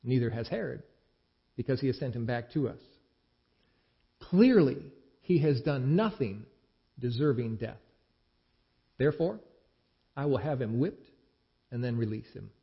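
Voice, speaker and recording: A man's voice: mid-range voice, expressive, measured pace, creaky, long pauses. A man voicing a stern Roman governor who speaks in emphatic, rising declarations. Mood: pressing. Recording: dull lo-fi recording.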